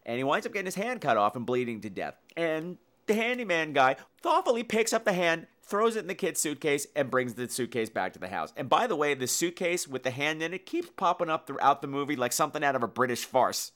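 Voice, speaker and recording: Animated campy man reviewing a film. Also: a little high, fairly quick, few pauses. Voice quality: campy, animated storytelling with acted-out voices. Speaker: podcast host. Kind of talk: casual film review podcast.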